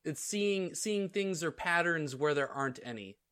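A man's voice: on the high side, lively intonation, moderate pace, a bit bright, clear, resonant tone. A man co-hosting a podcast, explaining things casually with hesitations and fillers.

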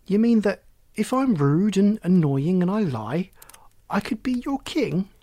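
A man's voice: a little high, expressive, slow, no echo, voice pushed up. A man voicing an indignant, proud young boy in a storybook reading. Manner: indignant and cross. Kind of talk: storybook character voice.

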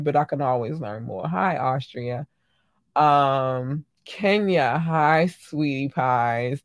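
A woman's voice: low-pitched, no room sound. Give me an effusive woman podcast host chatting casually to her listeners in a dry, close recording. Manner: effusive, warm shout-outs to listeners, frequent ums; animated, swings into loud excited bursts. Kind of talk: casual solo podcast chat.

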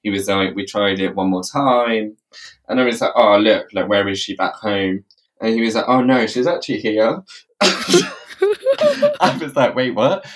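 Podcast co-host, man, lively storyteller who acts out every quote, mic at a slight distance. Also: on the low side. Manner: animated, laughs often, quotes others in rapid reported speech. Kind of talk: casual chat, storytelling.

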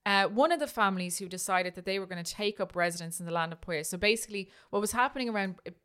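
A woman with a smooth, clear voice tells a history story on a casual podcast, pitched in the middle of the female range. She talks chattily, restarts her sentences and keeps checking in with "right?". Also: very fast, fairly bright tone. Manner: chatty, restarts often, tag questions.

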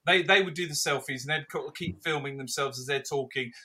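A man co-hosting a football podcast, telling stories in a sweary, animated way. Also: fairly high pitch, fairly quick, husky. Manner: sweary, animated storytelling with mocking posh voices. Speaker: podcast co-host. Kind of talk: casual football chat.

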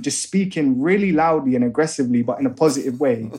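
A man's voice: mid-range voice, fast talker. A young man, a guest on an interview podcast, telling his story casually and acting out the voices of people in it. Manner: animated, acts out other voices in his stories. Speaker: guest, music A&R manager.

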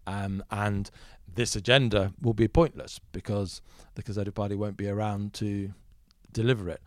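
A man in a podcast interview, answering as a political commentator in a measured, thoughtful way with frequent fillers. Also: on the low side, flat delivery, no room sound, clean studio sound.

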